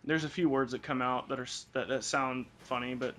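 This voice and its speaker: A man's voice: mid-range voice, fairly even intonation, a little fast, sharp tone, a little hiss or hum. A young man from the American South hosting a casual co-op gameplay chat, laughing often and swearing freely. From Southern United States. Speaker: gaming channel host.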